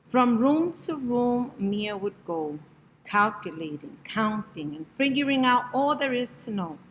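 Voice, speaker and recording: A woman reading a rhyming picture book aloud in a gentle, rhythmic way. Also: on the high side, very animated, unhurried, poor audio. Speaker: storybook reader.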